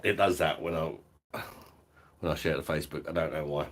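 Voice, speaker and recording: A man's voice: very deep voice, fairly even intonation, brisk, slight background noise. A middle-aged man, chatting casually at home on a live stream, swearing, laughing often and reading out the chat. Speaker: beer reviewer hosting a live stream.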